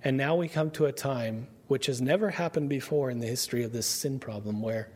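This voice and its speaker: In a conversational Bible-study sermon, a man poses rhetorical questions to his listeners and slows down whenever he reads scripture aloud. His medium-pitched voice is a little mellow, and faint hiss or hum sits in the background.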